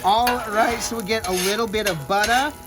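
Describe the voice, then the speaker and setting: A man hosting a casual outdoor griddle cooking show, excitable and quick to joke. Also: high-pitched. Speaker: griddle cooking channel host.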